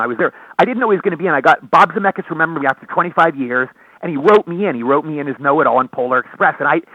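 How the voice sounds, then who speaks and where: A middle-aged man chats at a rapid clip in a fairly high voice, rambling eagerly from one anecdote to the next. His voice comes through a thin, tinny phone line with no room sound at all. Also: dry recording. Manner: excitable storyteller, quick rambling delivery. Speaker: actor guest. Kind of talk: casual interview over phone.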